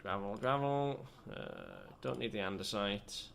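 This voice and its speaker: This time the young British gaming host sounds fairly low and creaky, a bit bright, speaking at a measured pace. He rambles through self-deprecating let's play commentary on his gameplay, and a slight hiss or hum runs underneath.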